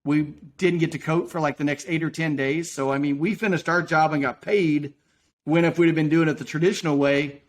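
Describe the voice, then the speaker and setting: A man's voice: on the high side, fairly even intonation. A man guesting on a podcast, telling a rambling folksy story about his work in casual talk. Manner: folksy, rambling, quick to act out quotes. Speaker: podcast guest, roofing business owner.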